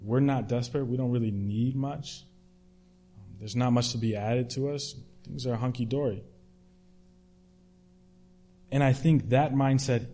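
A man's voice: mid-range voice, dark tone. A man preaching a sermon in a conversational way, retelling a story with restarts and fillers.

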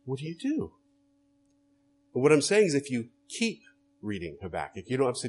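A man's voice: mid-range voice, wildly swooping pitch, fairly quick, pauses often, a little mellow, slight background noise. A man preaching a sermon as a pastor, earnest and direct, often putting rhetorical questions to his listeners.

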